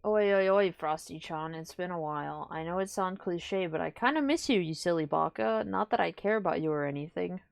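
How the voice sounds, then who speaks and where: A woman voicing a teasing tsundere anime guy who pretends not to care, with mock-cute delivery and a gravelly edge. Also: lowish voice, brisk, few pauses, no echo, studio quality.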